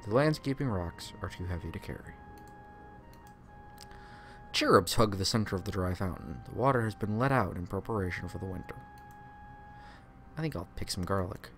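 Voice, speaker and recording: A man's voice: on the low side, a bit bright. A man streaming a game playthrough, reading the game's text aloud and adding sarcastic, profane asides.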